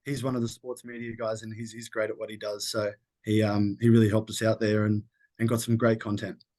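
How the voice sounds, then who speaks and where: A man's voice: fairly low pitch, little pitch movement, brisk, darkish tone. Easygoing young Australian man. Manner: friendly, easygoing, hesitant fillers. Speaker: podcast co-host, social media intern. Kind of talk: casual sports podcast chat.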